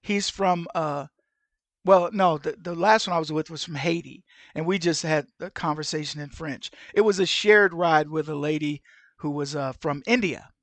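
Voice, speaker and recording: A middle-aged man hosting an opinion commentary show, telling stories in an animated way and acting out the people he quotes. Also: fairly high pitch, normal speed, dry recording. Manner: animated storyteller who acts out the people he quotes. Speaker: podcast host.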